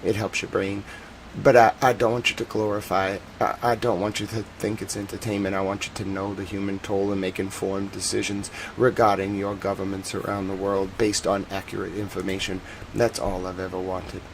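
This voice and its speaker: A man with a Boston accent hosting a casual live stream about war footage, chatting with viewers and turning soft and earnest on serious points. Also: deep voice, flat delivery, brisk, vocal fry, a little hiss or hum, rough recording. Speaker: live-stream news host.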